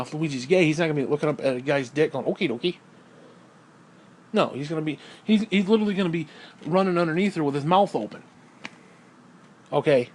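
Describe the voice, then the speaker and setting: Male ranter, slightly raised pitch, crude and heated, hammers points through repetition. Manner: crude, heated, swears constantly; repeats phrases for emphasis. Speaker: video creator. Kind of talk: profane ranting monologue.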